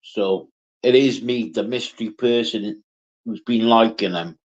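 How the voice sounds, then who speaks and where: A man on a casual livestream, slowly chatting, swearing freely and answering viewers by name. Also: fairly low pitch, steady tone, dull audio. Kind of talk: casual live chat.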